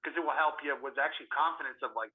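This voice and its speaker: A man's voice: mid-range voice, racing, slightly rough. A young man co-hosting a podcast, rambling in casual chat with lots of swearing and filler words. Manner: rambling, profane, many fillers. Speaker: podcast co-host. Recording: tinny phone-like line.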